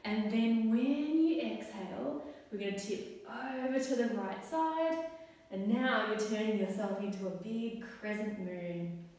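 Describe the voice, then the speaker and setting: Slow, gentle woman guiding kids' yoga. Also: on the high side. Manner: gentle, encouraging step-by-step cues. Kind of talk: guided yoga class for children. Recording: echoey hall, voice from far off.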